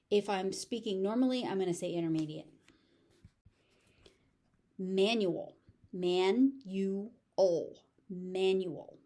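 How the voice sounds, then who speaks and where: A woman's voice: medium pitch, darkish tone. A woman with a General American accent teaching English pronunciation, patiently repeating each word several times with careful stress. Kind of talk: pronunciation lesson, repeating words slowly.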